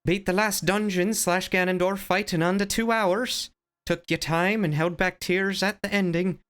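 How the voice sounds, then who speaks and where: A man's voice: high-pitched, steady tone, moderate pace, fairly bright tone, clean tone. A man chatting casually on a live stream, reading chat and teasing viewers in a playful, rambling way.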